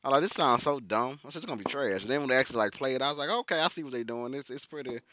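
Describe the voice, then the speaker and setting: A man co-hosting a casual chat, slangy and animated, often quoting himself. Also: mid-range voice, very fast, lo-fi sound, a little hiss or hum. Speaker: podcast co-host.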